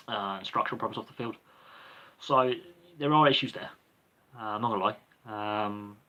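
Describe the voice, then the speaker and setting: A man's voice: fairly low pitch, muffled recording. A man hosting a livestream Q&A, answering viewer questions off the cuff in a rambling, hesitant way with many ums and restarts. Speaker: livestream Q&A host.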